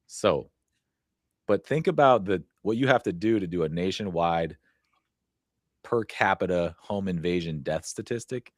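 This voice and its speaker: A man's voice: low voice, animated, unhurried, no room sound, clean studio sound. A man co-hosting a casual podcast chat, blunt and profane, laughing often between points. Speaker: podcast co-host.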